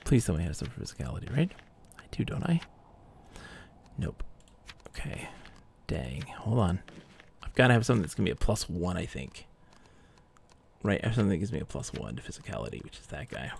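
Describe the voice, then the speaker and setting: Gravelly man muttering through a game. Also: low-pitched, big pitch swings, very fast, a little hiss or hum. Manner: mutters to himself, reads item text aloud. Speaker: streamer. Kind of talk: live gameplay commentary.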